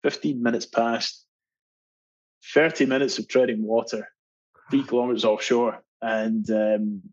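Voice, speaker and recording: Husky man telling a lively swim story. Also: mid-range voice, unhurried. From Scotland. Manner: animated storyteller, laughs often, many restarts. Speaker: marathon swimmer guest. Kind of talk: casual storytelling interview. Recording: dull lo-fi sound.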